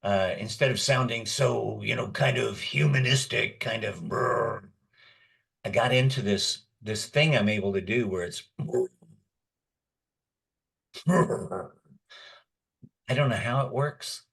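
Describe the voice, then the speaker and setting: A man's voice: lowish voice, normal speed, creaky, few pauses, a bit bright, breathy edge. A man in his sixties, a guest voice actor, telling long rambling anecdotes with chuckles in a casual chat. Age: 60s. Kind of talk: casual storytelling.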